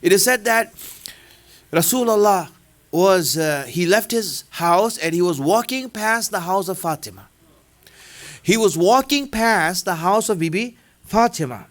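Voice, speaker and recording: High-voiced man preaching in a conversational way. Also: lively intonation, measured pace. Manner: conversational storytelling. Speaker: religious speaker. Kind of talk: sermon.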